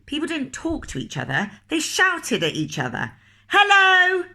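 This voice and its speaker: A woman reading a picture book aloud to children, expressive and asking the listener questions. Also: mid-range voice, normal speed, gravelly. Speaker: teacher reading a story to children.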